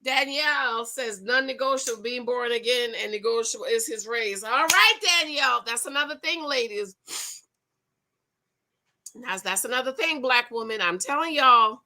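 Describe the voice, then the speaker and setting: A middle-aged woman chats through a casual livestream, reading comments aloud and talking straight to her viewers. Her voice is bright and forceful, a touch higher than most. She is animated and laughs often. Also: normal speed.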